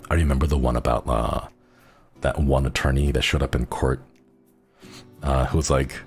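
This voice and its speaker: A man's voice: a bass voice, fairly even intonation, normal speed, pauses often, faint music behind. A young man streaming as a virtual idol, chatting casually in a rambling way full of fillers and giggly asides. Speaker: VTuber streamer. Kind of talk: casual chat.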